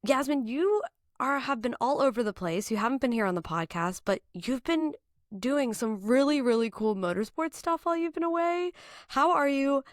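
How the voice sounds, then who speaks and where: A woman's voice: high voice, lively intonation, moderate pace, no room sound, studio quality. Bubbly young woman hosting a podcast. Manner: bubbly, laughs often. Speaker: podcast host. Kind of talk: casual chat. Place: home, in Boston.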